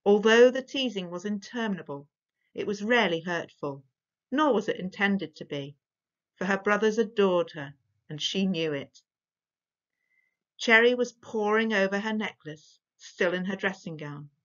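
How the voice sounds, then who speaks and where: Woman reading a storybook aloud. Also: medium pitch. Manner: measured, expressive. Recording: dull lo-fi recording.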